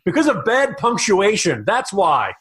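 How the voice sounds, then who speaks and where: Writer guy on a podcast doing a big mock-outraged rant, high voice, swings all over the place. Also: wildly swooping pitch, measured pace, fairly bright tone. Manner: exasperated mock-outrage, theatrical.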